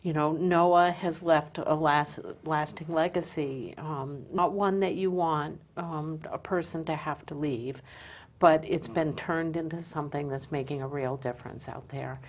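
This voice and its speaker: Earnest woman host, lower pitch, lots of ums. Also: steady tone, measured pace. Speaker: host of a community talk show. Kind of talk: hosting a live community show.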